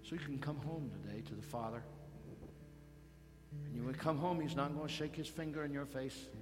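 A man preaching a sermon as pastor, slow and emphatic, building to loud calls for the congregation to repeat after him. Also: medium pitch. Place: church sanctuary. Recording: reverberant church hall, faint guitar behind.

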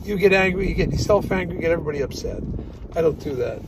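A man hosting a podcast, talking casually and excitably from a car, rambling and restarting his sentences. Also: a little high, racing. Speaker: podcast host, practice broker. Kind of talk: casual monologue. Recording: loud car and wind noise. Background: road and wind noise.

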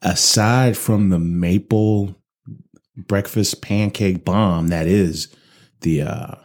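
A man's voice: low voice, slow, darkish tone. A man co-hosting a podcast, chatting casually and loosely about whiskey, swearing freely and rambling with fillers. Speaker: podcast co-host reviewing whiskey. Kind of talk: casual chat.

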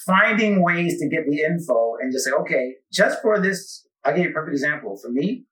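Man, casual chat, rambling storyteller, slightly high voice, roomy sound from a distance. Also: fairly quick. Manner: rambling, animated storytelling with many asides. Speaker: podcast host being interviewed. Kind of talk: casual conversation. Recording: echoey room, mic at a distance.

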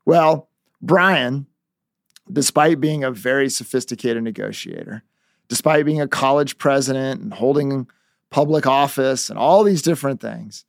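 A man coaching on negotiation through an animated story told as a lesson. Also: mid-range voice, measured pace, gravelly, no echo, clean studio sound.

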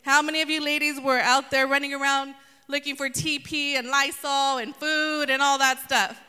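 A woman preaching a lively sermon, playfully acting out voices from the story. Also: high-pitched, moderate pace. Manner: animated, acts out voices of the story. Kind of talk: sermon with humor. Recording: long hall reverb.

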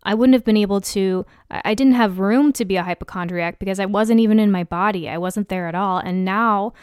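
A woman's voice: medium pitch, a little fast, a little mellow, clear, resonant tone, no room sound, studio quality. A young adult woman hosting a solo podcast in a candid, self-deprecating style, acting out the dialogue she quotes. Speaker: podcast host. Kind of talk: casual solo podcast monologue.

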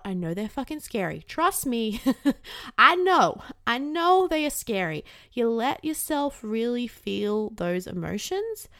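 A young woman talks candidly about her feelings in a casual advice vlog, swearing freely along the way. Her voice sits a little high. The sound is close and dry, with no room around it. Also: fairly bright tone, no echo. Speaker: self-help vlogger. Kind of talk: casual advice talk to camera.

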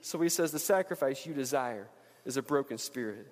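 A man preaching a sermon to a congregation, swinging from urgent, impassioned pleading to quiet, hushed questions. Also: mid-range voice, lively intonation, a little fast, long reverb tail. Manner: impassioned, builds to pleading then drops to hushed. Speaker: pastor. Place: church sanctuary.

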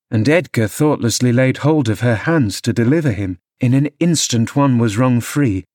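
A man narrating a classic novel as an audiobook, measured storytelling delivery. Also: medium pitch, no room sound, studio quality. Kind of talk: scripted narration.

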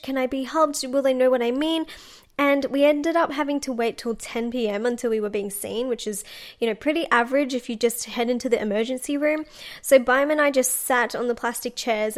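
Young woman podcaster, bright-ish higher voice, casual chatty storyteller full of "like"s. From Australia. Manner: chatty, animated, lots of "like" and acted-out quotes. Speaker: podcast host.

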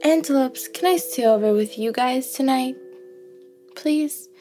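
A woman's voice: high voice, unhurried, pitched above the performer's own voice. A woman voicing a playful, stubborn young female antelope in a musical bedtime story, bubbly and coaxing with whoops and giggles. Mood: sleepy. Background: soft music with chimes.

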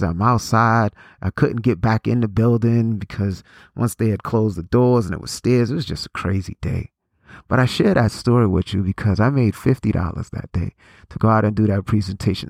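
A man's voice: lowish voice, vocal fry, a little mellow, no room sound, clean studio sound. A man in his forties giving a motivational talk, preachy in tone, repeating phrases and restarting his sentences. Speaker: motivational speaker.

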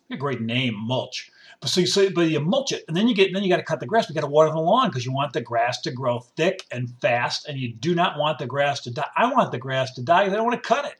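A man's voice: fairly high pitch, animated, fairly quick, a bit bright, distant mic. A middle-aged man in a casual ranting monologue, sarcastic and rambling, who drops into grumbling voices to mimic people who complain. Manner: rambling with restarts and repetition. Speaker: commentator.

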